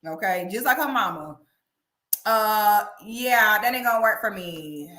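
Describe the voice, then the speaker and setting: A woman of medium pitch and measured pace hosts a laid-back commentary livestream. Her delivery is emphatic and lively, punctuated again and again by "okay?", and the recording has an echoey room sound.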